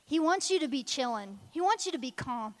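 Woman preacher, high voice, emphatic and conversational, long hall reverb. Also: lively intonation, a little fast. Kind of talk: sermon.

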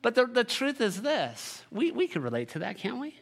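A male pastor preaching a sermon, animated and joking, with sarcastic asides, reading scripture aloud and leading the congregation. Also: extremely high pitch, moderate pace, creaky.

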